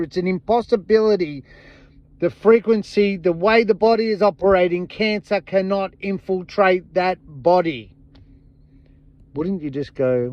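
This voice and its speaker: A man's voice: sits high, no echo. A man hosting a podcast, giving an impassioned, blunt monologue full of swearing and repeated emphatic phrases. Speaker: podcast host. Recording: dull lo-fi sound.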